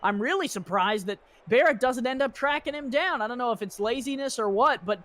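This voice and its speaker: A man's voice: very high voice, fairly quick, fairly bright tone. A man giving color commentary on a football game in a joking, chatty way. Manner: joking, chatty, many fillers. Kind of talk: sports commentary.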